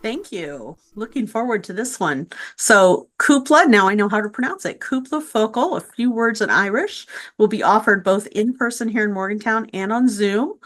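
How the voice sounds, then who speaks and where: A woman's voice: on the high side, fairly bright tone. A woman hosting a virtual meet and greet, friendly as she introduces speakers and reads out class dates. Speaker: event host. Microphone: video call.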